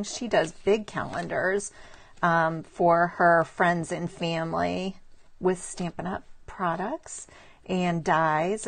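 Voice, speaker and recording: A woman's voice: medium pitch, creaky. A middle-aged woman talks through a pile of handmade cards on a casual live stream. She sounds admiring and chatty, and she greets viewers by name as she goes. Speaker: stamping demonstrator showing cards to live viewers. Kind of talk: casual live craft show-and-tell.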